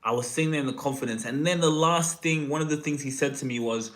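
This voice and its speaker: A man casually telling a confident anecdote about pitching to a finance company. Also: quick pace, hardly any pauses. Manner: relaxed, confident, loose anecdotal delivery. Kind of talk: casual storytelling.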